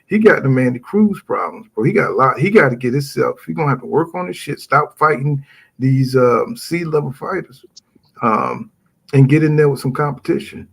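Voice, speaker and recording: A man hosting a boxing talk show in casual chat, animated and reading viewer comments aloud. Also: medium pitch, normal speed, vocal fry, husky. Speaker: boxing podcast host.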